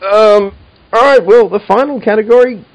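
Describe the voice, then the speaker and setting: A man's voice: high voice, normal speed, low-quality recording. A man hosting a casual podcast chat, talking with enthusiasm and many fillers and restarts. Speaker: podcast host.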